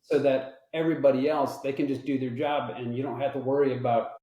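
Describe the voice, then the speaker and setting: A middle-aged man, a guest on an interview show, telling a story in a casual, lively, profane way and acting out the people in it. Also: mid-range voice, fast, lo-fi sound. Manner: animated, profane, acts out the people in his stories. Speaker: interview guest, veteran and film technical advisor. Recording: roomy echo.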